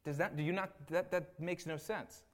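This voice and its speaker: A man's voice: on the high side, moderate pace. A man, an assistant pastor, giving a conversational sermon with casual asides, often checking in with "right?" and acting out the people he describes. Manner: casual, tags lines with "right?"; animated retelling with acted asides.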